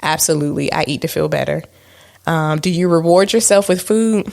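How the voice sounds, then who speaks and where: A woman's voice: low voice, fairly quick, gravelly, a little mellow. A woman co-hosting a podcast in a casual chat, candid and self-mocking, with many fillers. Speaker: podcast co-host.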